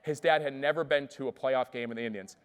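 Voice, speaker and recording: A man giving an energetic keynote speech, telling stories and asking the audience questions. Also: medium pitch, fast talker, clear, resonant tone. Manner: lively, asks the audience questions. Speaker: keynote speaker.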